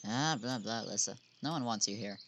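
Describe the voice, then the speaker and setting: Snarky woman narrating a game, low voice. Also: brisk, slight background noise. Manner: snarky, mutters sarcastic comments, sometimes yells. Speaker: gamer playing a visual novel. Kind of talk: casual let's-play commentary. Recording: game music playing behind.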